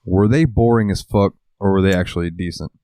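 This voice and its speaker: A man with a very low voice tells long rambling stories as a podcast co-host, cursing casually as he goes. The sound is dry and close, with no room around him. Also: brisk, warm tone, no room sound. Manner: swears a lot and rambles through stories. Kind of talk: casual chat.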